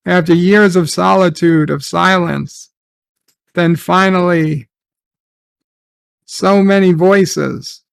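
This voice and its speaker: A man's voice: high voice, steady tone, slow, creaky, long pauses, smooth, no room sound. A man recapping and reviewing a TV episode in casual, sarcastic commentary, swearing and trailing off into restarts.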